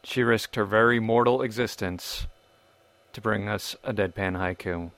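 A man with a lowish voice hosts a podcast in an easy, chatty way. He hams things up with mock-dramatic build-ups and drops the occasional swear word. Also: unhurried, a bit bright, slight background noise. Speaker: podcast host. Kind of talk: casual podcast chat.

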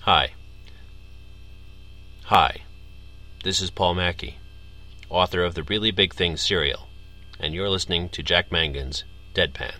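A man with a very low voice reads a short podcast promo again and again in a cheerful announcer manner. His tone is bright and forward despite the depth. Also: a little slow, pauses often. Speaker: podcast author recording a promo. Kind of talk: recording repeated promo takes.

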